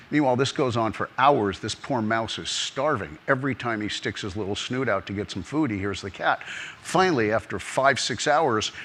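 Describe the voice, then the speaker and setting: A man's voice: fairly low pitch, a bit bright, slight background noise. A man as the interviewed guest in an on-stage conference conversation, telling stories and rambling with restarts.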